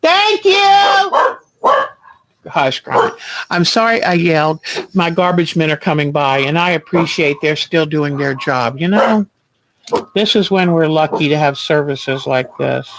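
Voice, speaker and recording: A man hosting a quilting livestream, chatting gently and reassuringly while he sews at home. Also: fairly high pitch, normal speed, a little hiss or hum, low-quality recording. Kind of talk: casual chat while sewing.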